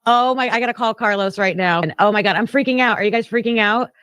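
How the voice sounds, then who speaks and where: A woman's voice: fairly high pitch, fast, fairly bright tone, dry recording. A woman hosting a live stream, exclaiming and reading breaking news aloud to her viewers. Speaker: livestream host. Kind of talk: excited live-stream chat.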